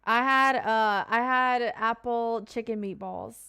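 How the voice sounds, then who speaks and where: A woman's voice: a little high, slow pace, sharp tone, clear, resonant tone. A woman from Kentucky streaming live, chatting casually with her viewers and reading out their comments with loose asides and fillers.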